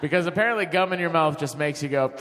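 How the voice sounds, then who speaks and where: A man on a live podcast stage, telling jokey, energetic stories about his old TV show. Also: a little high, fast talker, soft background music. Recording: reverberant theater.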